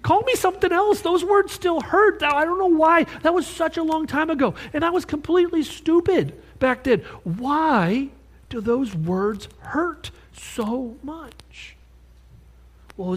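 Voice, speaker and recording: A man preaching a sermon, telling a personal story and slowing down to stress key words. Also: sits high. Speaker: pastor.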